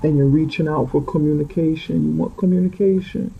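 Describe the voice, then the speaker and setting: Gravelly low-fi male tarot reader. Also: steady tone, a little fast. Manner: rambling, repeats and corrects himself. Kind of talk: unscripted tarot reading. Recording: muffled lo-fi audio.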